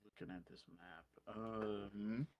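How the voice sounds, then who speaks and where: A man's voice: on the low side, steady tone, slow, muffled recording, noisy background. A man playing in a tabletop game, thinking aloud hesitantly with fillers. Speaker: player. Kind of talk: casual tabletop game talk.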